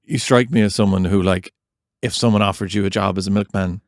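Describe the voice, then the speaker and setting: A man's voice: fairly low pitch, steady tone, a little fast, dry recording, clean studio sound. An Irish man co-hosting a podcast, joking and riffing on comic ideas in casual chat. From Ireland. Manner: playful, teasing, riffs on comic ideas. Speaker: podcast co-host.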